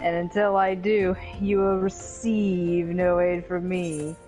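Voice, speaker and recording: A woman's voice: on the low side, little pitch movement, slow pace, a little mellow, faint music behind. A woman doing a haughty cat-folk tribe leader.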